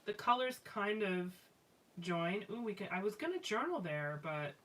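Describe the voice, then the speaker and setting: A woman's voice: medium pitch, big pitch swings, moderate pace, fairly bright tone. A woman chatting casually and rambling as she scrapbooks live on a stream, with many fillers and restarts. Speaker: live-stream craft host. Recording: slightly distant mic with faint background noise.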